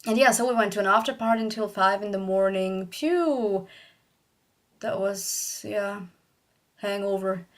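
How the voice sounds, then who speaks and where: A woman's voice: medium pitch, measured pace. Chatty young woman telling a story. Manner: chatty, rambling, laughs often, acts out quotes. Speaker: YouTuber. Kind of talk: casual storytelling vlog.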